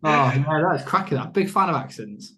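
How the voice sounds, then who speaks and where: A man's voice: fairly high pitch, animated, brisk, noisy background. A man from Blackpool in northern England, a podcast guest chatting in a friendly, easygoing way. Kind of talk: casual chat.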